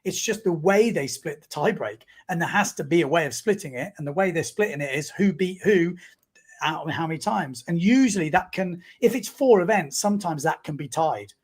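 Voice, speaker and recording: Higher-voiced man, bantering. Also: lively intonation, fairly quick, husky. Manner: banter-heavy, teasing, explains rules at length. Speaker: podcast co-host and analyst. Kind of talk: casual live-stream chat.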